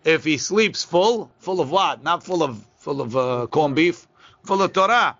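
A man teaching a Talmud class, reading the source text quickly and then explaining it in a casual way. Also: fairly high pitch, animated, a bit bright. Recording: lo-fi, muffled recording.

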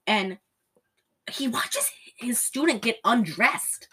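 A woman's voice: on the high side, animated, slow pace, pushed and bright, slightly rough. A woman recapping a movie in casual chat, rambling and giggling with sarcastic asides. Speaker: podcast co-host recapping a movie.

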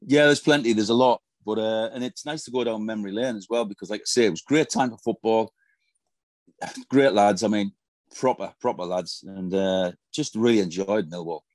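A man in his fifties tells old football stories in a casual interview, swearing freely. His voice sits low. The sound is dry and close. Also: normal speed, a little mellow, no echo. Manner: profane, storytelling, swears constantly. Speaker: former footballer, guest.

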